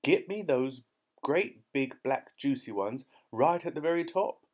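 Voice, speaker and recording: Male reader doing a bellowing, blustering old duke, pitched high, storybook. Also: animated, normal speed, a little mellow, lightly acted. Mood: furious. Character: pompous old male duke, hot-tempered.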